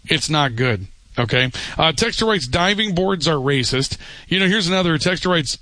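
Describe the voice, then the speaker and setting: A man's voice: on the high side, sharp tone, no echo. A man hosting a call-in radio talk show, opinionated and emphatic, repeating his points.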